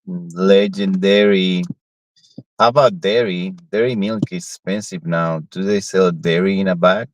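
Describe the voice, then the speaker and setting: Low-voiced man asking halting questions. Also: fairly even intonation, no room sound, low-quality recording. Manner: halting, unsure English, asks simple questions. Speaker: live streamer. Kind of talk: casual chat.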